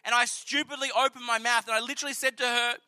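Bright, high-voiced Australian man. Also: fast talker, dry recording. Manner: earnest, conversational, animated retelling. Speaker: speaker sharing a personal testimony. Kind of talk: storytelling sermon.

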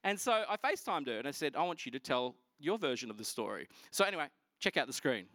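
Australian male pastor, high voice, playful and animated, dry recording. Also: fast, no room sound. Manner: animated, joking, quizzes the congregation. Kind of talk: sermon.

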